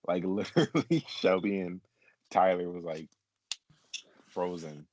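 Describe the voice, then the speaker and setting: Deep-voiced man in casual chat. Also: lively intonation, measured pace, darkish tone, no echo. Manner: rambling, swears, laughs often. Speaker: podcast co-host.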